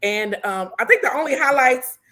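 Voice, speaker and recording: A woman's voice: sits high, lively intonation, normal speed, bright, forceful tone. Easygoing giggly woman recapping. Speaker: podcast co-host. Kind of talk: casual recap chat.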